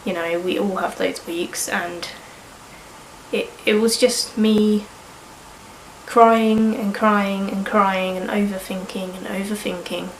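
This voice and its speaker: Slowly and with fairly even intonation, a woman in her early twenties talks through a frank, rambling vlog, sniffling from a cold and swearing casually. Her voice is mid-range. The rough, reverberant recording has a slight hiss or hum.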